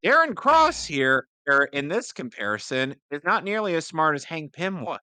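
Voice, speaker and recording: A man's voice: fairly high pitch, lively intonation, moderate pace, pushed and bright, clear, resonant tone, no echo. A man co-hosting a casual reaction podcast, chatty and explaining plot details at length. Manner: chatty, explains at length, agrees with lots of yeah. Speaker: podcast co-host.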